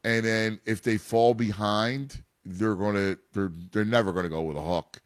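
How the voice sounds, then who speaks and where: A man's voice: lowish voice, fairly even intonation, normal speed, no echo. Rambling man, dry close sound. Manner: rambling, many restarts and fillers. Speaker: youth baseball father and coach. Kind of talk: casual chat.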